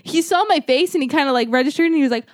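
A woman's voice: high voice, rapid-fire, dry recording, studio quality. A young woman co-hosting a podcast in casual chat, telling stories in a laid-back way and laughing often. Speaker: podcast co-host.

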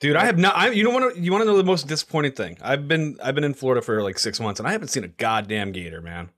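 A man's voice: mid-range voice, animated, quick pace, fairly bright tone. A man on a podcast, chatting casually, laughing often and calling others dude. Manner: laughing, says dude a lot. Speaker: podcast co-host. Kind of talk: casual chat.

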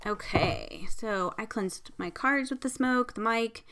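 A woman's voice: fairly high pitch, takes it slowly, sharp tone, smooth. A young adult woman hosting a podcast, chatting casually and giggling through a card pull, with lots of fillers and casual swearing. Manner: swears casually, self-mocking. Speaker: podcast host.

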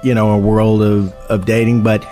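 Deep-voiced comedian telling stories. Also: male voice, normal speed, soft background music. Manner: relaxed, rambling, with many fillers. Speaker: comedian and voice actor, interview guest. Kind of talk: casual interview chat.

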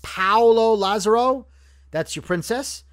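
High-voiced man, rambling podcast host. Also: a little slow, a bit bright, no room sound, studio quality. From Brooklyn, New York. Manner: rambling, joking, self-correcting. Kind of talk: casual podcast chat.

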